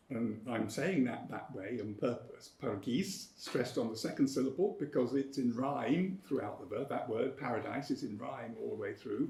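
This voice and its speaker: A man giving an academic lecture in a measured, precise way, with firm emphasis on key points. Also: mid-range voice, mellow, a little hiss or hum. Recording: roomy lecture hall.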